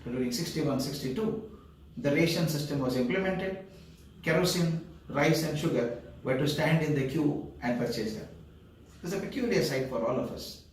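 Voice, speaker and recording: An older man with an Indian English accent tells a personal story, his voice a little raised and lively. He sounds far from the mic, in a very echoey room. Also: fairly high pitch, normal speed, slight background noise. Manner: lively, acts out quoted voices.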